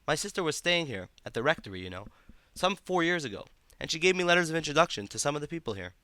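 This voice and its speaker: A man voicing a nervous gentleman visitor in a storybook reading, speaking in a hesitant, regretful way. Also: on the high side, sing-song, fast talker, no echo, pitched above the performer's own voice.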